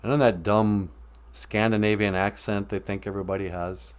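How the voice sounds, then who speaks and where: A man's voice: on the low side, moderate pace, clear, resonant tone. A man from Minnesota, telling a loose, joking, rambling story on a live stream.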